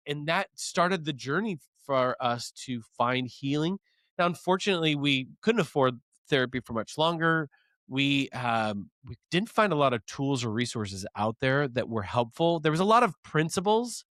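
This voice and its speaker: A man's voice: fairly high pitch, fairly bright tone, no room sound. A man in his thirties, a podcast guest who tells stories with energy and acts out past scenes. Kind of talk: casual storytelling interview.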